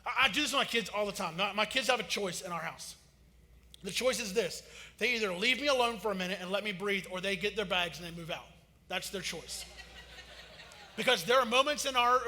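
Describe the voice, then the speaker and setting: A man, preaching a sermon in a casual, joking style that rises to loud emphasis. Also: high voice. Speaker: pastor. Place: church sanctuary. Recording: long hall reverb.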